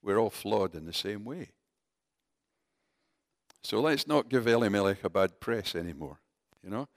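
A man's voice: fairly low pitch, unhurried, no room sound. Conversational male preacher, dry sound. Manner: conversational, animated, addressing the congregation as folks. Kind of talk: sermon.

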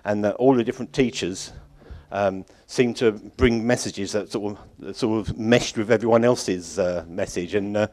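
A man's voice: fairly low pitch, normal speed, few pauses, darkish tone. A man giving an informal, rambling closing address at a church conference. He chuckles often and keeps correcting himself. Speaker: conference organiser addressing congregation.

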